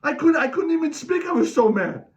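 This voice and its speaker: High-voiced man on a fired-up fan rant. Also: a little fast. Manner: animated, refers to himself in the third person. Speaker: podcast host ranting as a sports fan. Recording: distant mic, dull lo-fi sound.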